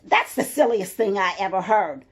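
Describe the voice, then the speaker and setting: A woman's voice: mid-range voice, expressive, moderate pace, breathy edge, voice pushed down. A woman voicing a goat who cares only about its grass, with a dismissive, bleating manner. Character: grass-munching goat, careless then shocked.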